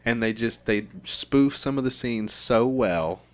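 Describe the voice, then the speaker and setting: A man in casual podcast chat, excitedly retelling movie scenes with plenty of swearing. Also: mid-range voice, a little slow. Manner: profane, excitable storyteller.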